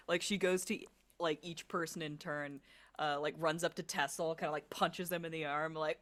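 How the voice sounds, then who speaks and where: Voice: medium pitch, steady tone, moderate pace, a bit bright. A tabletop game player who describes their character in a rambling way, peppered with "like".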